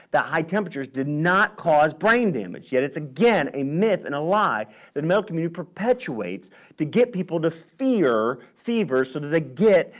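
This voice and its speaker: A man hosting a health vlog who reads from studies and talks emphatically, getting worked up as he goes. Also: fairly high pitch. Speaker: host.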